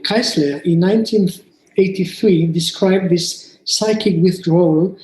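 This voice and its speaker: A man reading a prepared clinical case presentation at a conference, slow and measured, lifting his voice for quoted play dialogue. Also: darkish tone, reverberant, slight background noise, low-quality recording. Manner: slow and measured, raises pitch for quoted child-play lines.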